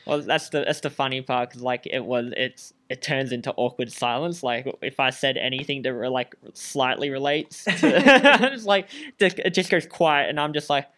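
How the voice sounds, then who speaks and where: A young man with an Australian accent chats as a guest in a relaxed, casual conversation. He tells stories full of fillers and keeps breaking into laughter. His voice sits at an ordinary middle pitch. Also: moderate pace, few pauses. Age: young adult. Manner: laughing often, story-telling, lots of fillers. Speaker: guest, student athlete. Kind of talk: casual chat.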